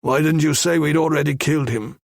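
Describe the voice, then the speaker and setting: A man voicing an irritable, foul-mouthed scarred male gunman in an audiobook thriller, with a gruff manner. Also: a little high, brisk, no echo, studio quality. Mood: irritated. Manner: gruff, swearing.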